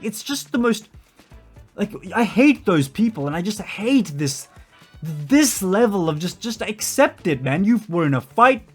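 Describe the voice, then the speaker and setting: A man giving a ranting commentary, exasperated and sarcastic, sometimes doing mocking impressions. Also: fairly high pitch.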